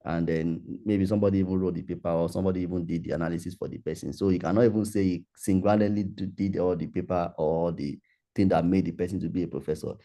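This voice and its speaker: A man hosts an online workshop over a video call. His voice sits low and deeply mellow. He talks in a loose, conversational, repetitive way while answering questions. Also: fairly even intonation, quick pace. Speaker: workshop facilitator.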